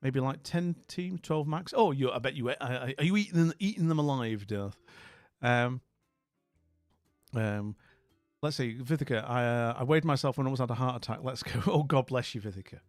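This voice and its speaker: A man's voice: mid-range voice, normal speed, no room sound, soft background music. Man, Scottish accent, middle-aged, livestream host, chatty storyteller, dry close sound. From Scotland. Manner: chatty, storytelling while reading chat aloud. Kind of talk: casual livestream chat.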